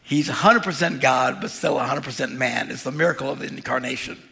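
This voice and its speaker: Gravelly, bright-voiced preacher in an echoing hall. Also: male voice, medium pitch, a little fast, soft background music. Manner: conversational, with humorous asides. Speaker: pastor. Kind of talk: sermon. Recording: long reverb of a large hall.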